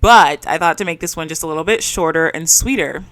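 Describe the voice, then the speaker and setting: A woman's voice: low-pitched, brisk, fairly bright tone, no room sound. A young adult woman hosting a solo podcast, chatting casually and rambling with frequent giggles. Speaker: podcast host.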